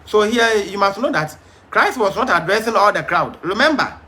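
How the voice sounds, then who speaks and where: A man's voice: sits high, expressive, normal speed, pushed and bright. A man teaching a Bible study, emphatic but hesitant, with frequent fillers and restarts.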